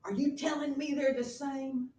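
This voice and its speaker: A woman's voice: low voice, animated, a little slow. A woman teacher voicing an anguished, furious young prince in a class reading, her voice coming from a distance in a roomy room. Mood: accusing. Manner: pleading, accusing, rising to shouts.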